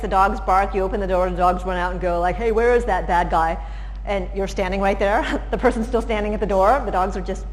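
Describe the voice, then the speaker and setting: A woman giving a presentation, explaining in a conversational way with examples. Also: medium pitch. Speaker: lecturer. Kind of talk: presentation talk. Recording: reverberant hall, faint background noise.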